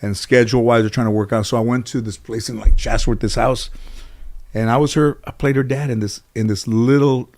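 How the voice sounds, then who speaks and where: A man's voice: medium pitch, steady tone, fairly quick, darkish tone. A middle-aged man, a guest in an interview, telling casual stories in a rambling way full of "you know". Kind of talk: casual storytelling.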